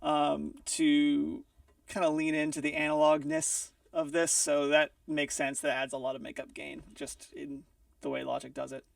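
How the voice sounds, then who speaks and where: A man's voice: a little high, moderate pace, vocal fry, no room sound. A man teaching music mixing in a studio, explaining casually while thinking aloud with frequent ums and restarts. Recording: dry, a bit far from the mic.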